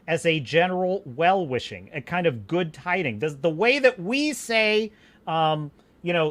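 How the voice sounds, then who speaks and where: Animated, bright-voiced male podcast host. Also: a little high, normal speed. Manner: emphatic, passionate, frequent restarts. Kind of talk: livestream commentary rant.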